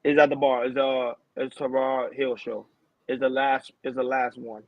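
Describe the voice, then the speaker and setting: A man hosting a podcast in casual chat, animated, laughing and slangy. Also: medium pitch, normal speed, no echo. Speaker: podcast host. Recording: dull, dry recording.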